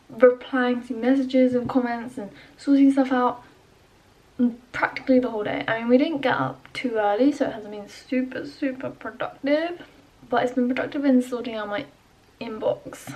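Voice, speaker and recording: A woman's voice: fairly high pitch, highs cut off. A young woman, chatting casually in a vlog and often baby-talking to her pets. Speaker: vlogger. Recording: handheld camera with loud background noise.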